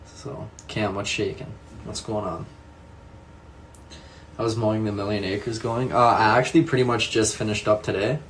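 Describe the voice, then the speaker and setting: A man's voice: on the low side, fairly even intonation, moderate pace, a little hiss or hum. A young man chatting casually with viewers, answering their comments one by one, echoing his own answers and laughing often. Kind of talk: casual live chat.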